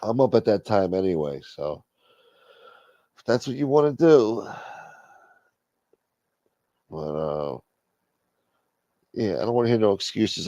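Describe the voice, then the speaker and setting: A man's voice: fairly low pitch, animated, slow pace, long pauses, mellow, dry recording. A man hosting a late-night livestream, brash and profane as he talks straight to his chat at home. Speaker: livestream host. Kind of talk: casual chat. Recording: dull lo-fi stream audio.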